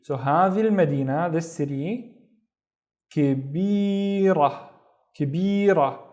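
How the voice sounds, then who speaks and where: A man teaching a beginner reading lesson, sounding out syllables slowly and patiently and repeating each word. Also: on the high side, a little mellow, highs cut off. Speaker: language teacher.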